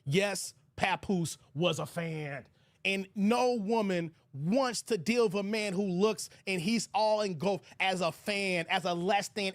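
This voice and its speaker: A man hosting a livestream, giving loud, crude commentary and reading out his chat. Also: high voice, no echo. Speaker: host of a livestream commentary show.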